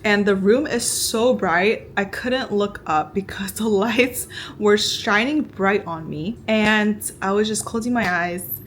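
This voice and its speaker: A woman's voice: medium pitch, slow pace, a little hiss or hum. Chatty young woman telling a story. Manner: chatty, heavy use of "like" fillers, acts out quotes. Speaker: vlogger. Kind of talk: casual personal storytelling.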